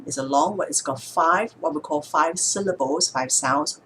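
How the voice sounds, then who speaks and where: A woman speech therapist explaining speech techniques in a calm, measured way, sometimes slowing down to show a word's stress. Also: deep voice, a little hiss or hum. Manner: calm, measured, demonstrates words slowly with stress. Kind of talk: instructional explanation to camera.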